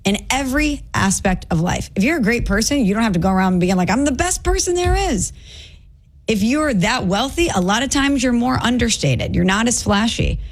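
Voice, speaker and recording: A woman's voice: on the high side, expressive, brisk, hardly any pauses. A woman co-hosting a sports talk radio show, delivering pointed, opinionated commentary.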